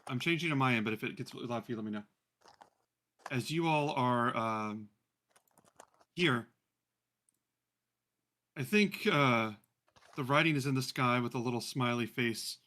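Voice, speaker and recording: Bright-voiced man running a tabletop game. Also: mid-range voice. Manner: relaxed, many ums and uhs. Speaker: game master.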